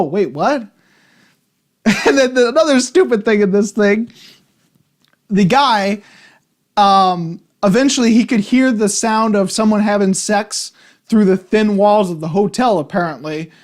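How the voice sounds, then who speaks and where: A high-voiced man reviews a film casually in a loose, rambling manner. He repeatedly restarts his sentences and sounds exasperated by what he watched.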